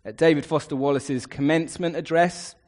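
A man's voice: fairly high pitch, steady tone, fairly quick, a little mellow. A man preaching a sermon, earnest, building his points in emphatic repeated lists.

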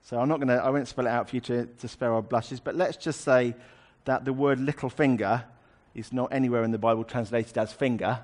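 A man's voice: mid-range voice, fairly even intonation, fairly quick, hardly any pauses, darkish tone. A man preaching a sermon, explaining a scripture passage in a conversational way with wry asides.

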